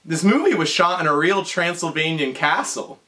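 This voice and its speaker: A drunk young man tells a film's plot in a comedy bit, his voice high-set and bright. He stumbles, restarts and giggles as he goes. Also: animated, moderate pace, a little hiss or hum. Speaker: comedy performer. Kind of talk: comedic drunk recap of a movie.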